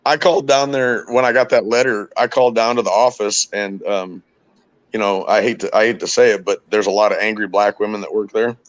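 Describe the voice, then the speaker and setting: A man's voice: on the low side, fairly even intonation, fairly quick, no echo, muffled recording. A man chatting casually on a podcast, telling frustrated stories with plenty of swearing. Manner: profane, ranting, frustrated storytelling. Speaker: podcast host. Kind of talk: casual chat.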